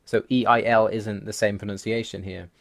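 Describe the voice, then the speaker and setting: The narrator, a language-learning video host, has a fairly low, gravelly voice with level tone and normal speed. Over his slides he methodically lists language rules in turn, sounding wry and a touch exasperated.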